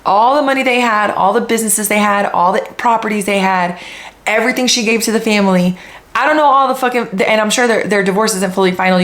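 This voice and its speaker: A woman's voice: mid-range voice, reverberant. Blunt, swearing woman podcast host. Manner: blunt, heavy swearing, animated and opinionated. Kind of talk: casual commentary.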